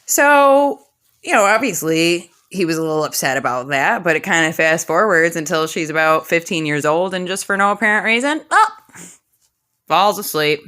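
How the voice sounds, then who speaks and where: Woman storyteller, sassy slangy asides, low pitch, bright sharp tone. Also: lively intonation, moderate pace, clear, resonant tone. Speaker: comedic storyteller. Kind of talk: comic storytelling.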